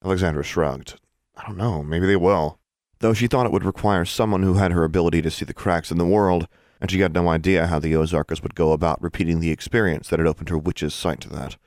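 A man narrating an audiobook in a steady, measured reading voice. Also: sits low, dry recording, studio quality.

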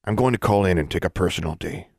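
A man reading aloud and voicing a gruff, stubborn middle-aged police officer who talks bluntly. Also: sits low, fast talker, dry recording, clean studio sound, exaggerated voice.

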